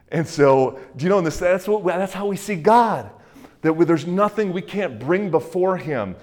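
A male pastor giving a conversational sermon with plenty of fillers and acted-out quotes, then dropping to a hushed voice to pray. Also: sits high, expressive, moderate pace. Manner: drops to a hushed, soft voice in prayer.

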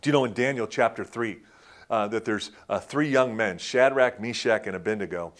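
A middle-aged man preaches a sermon in a somewhat low voice. He tells his stories dramatically, building to loud, forceful peaks and then dropping to a near hush for emphasis. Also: normal speed. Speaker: pastor.

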